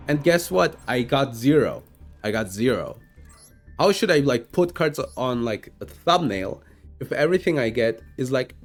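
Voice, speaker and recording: A man streaming himself playing a card game, chatting casually in an animated, self-mocking, rambling way full of fillers. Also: mid-range voice. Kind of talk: casual gameplay commentary.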